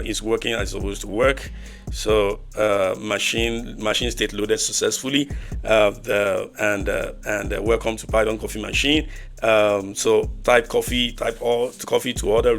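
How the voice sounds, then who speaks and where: Male coding tutor, gravelly low voice, halting delivery full of fillers, faint music under it. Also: fairly bright tone. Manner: halting, repetitive, many fillers and restarts. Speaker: programming tutor. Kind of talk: screen-recorded coding walkthrough.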